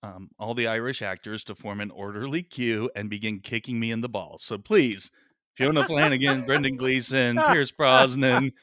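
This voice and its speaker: A man's voice: mid-range voice, moderate pace, bright, forceful tone, no echo, studio quality. A man co-hosting a casual movie podcast from his basement, riffing sarcastically and swearing freely. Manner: sarcastic, profane, laughing riffs. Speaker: podcast co-host. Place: home basement.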